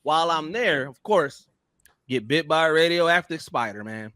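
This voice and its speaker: Male podcast co-host, slightly raised pitch, earnest halting storyteller, dry close mic. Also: animated, a bit bright, dry recording. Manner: halting, restarts, earnest build-up. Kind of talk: comedic improvised storytelling.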